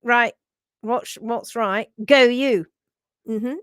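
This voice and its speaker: A woman's voice: a little high, extremely slow, clean tone, no room sound, studio quality. A middle-aged woman hosting a live stream, chatting casually and greeting viewers as she reads out their comments. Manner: chatty, warm greetings, frequent restarts and laughs. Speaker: livestream host.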